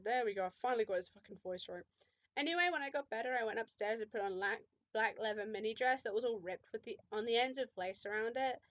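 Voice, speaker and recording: A woman's voice: a little high, animated, a little fast, no echo, muffled recording. A woman giving a comedic dramatic reading of fan fiction, with sarcastic asides and frequent swearing. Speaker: channel host reading fan fiction aloud.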